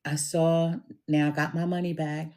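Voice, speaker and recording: Middle-aged woman, low mellow voice, unhurried storyteller talking straight to camera. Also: level tone. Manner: slow, deliberate and emphatic, addresses listener directly. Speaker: tarot reader telling a personal story. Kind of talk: casual storytelling monologue.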